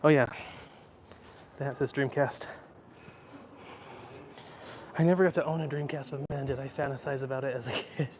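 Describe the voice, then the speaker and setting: A chatty man livestreams on a handheld phone while walking, first through an indoor library and then onto an outdoor rooftop. His mid-range voice is a little mellow, with fairly even intonation and a fairly quick pace, and there's slight background noise. He rambles casually, answering the chat as he goes.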